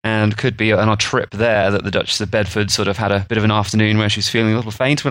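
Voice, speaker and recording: A man's voice: on the low side, fairly even intonation, quick pace, fairly bright tone, dry recording, studio quality. A man, co-hosting a podcast and explaining food history in a rambling, chatty way. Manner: rambling, chatty storytelling with fillers. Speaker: podcast co-host. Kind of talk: casual explanatory chat.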